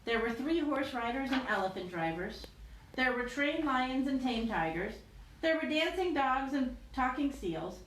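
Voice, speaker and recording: Animated woman reading a storybook aloud. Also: on the high side. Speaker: teacher. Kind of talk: reading a picture book aloud. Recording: roomy echo with faint noise.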